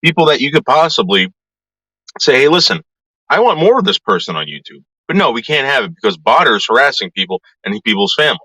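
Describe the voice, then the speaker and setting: A man's voice: medium pitch, sing-song, fast, sharp tone, husky, no room sound, low-quality recording. A man ranting to his viewers in a vlog, swearing often and talking in an agitated way. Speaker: YouTuber.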